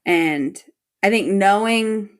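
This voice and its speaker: A woman's voice: medium pitch, slow pace. A woman co-hosting a casual podcast chat, animatedly retelling scenes, acting out lines, swearing freely and laughing often. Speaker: podcast co-host.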